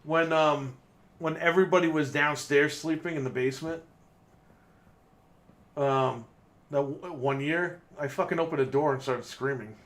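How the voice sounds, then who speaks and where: A man's voice: on the high side, moderate pace, long pauses, a bit bright. Casual swearing male gaming podcast co-host. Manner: swearing, storytelling with laughs. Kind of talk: casual chat while playing a game.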